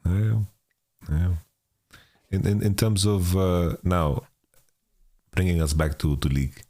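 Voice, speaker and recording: Low-voiced male host with a mixed international accent, stop-start casual talk into a home studio mic. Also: fairly even intonation, dark tone. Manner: laughs often, halting restarts. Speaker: podcast host. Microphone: home studio microphone.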